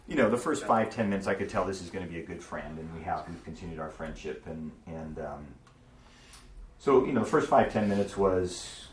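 A man pastor teaching a congregation in a relaxed, conversational sermon style, telling stories with asides to his listeners. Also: low-pitched, fairly quick. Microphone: distant mic. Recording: echoey room from far off, faint noise.

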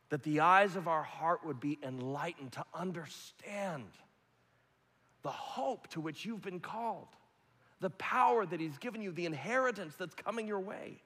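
A male pastor delivering a sermon in a large church hall, with a long echo trailing each phrase. His voice sits slightly high for a man. He alternates between ringing, climbing exhortations and soft, hushed, near-whispered passages. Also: breathy edge. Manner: preaching, swinging from loud rising appeals to hushed near-whispers.

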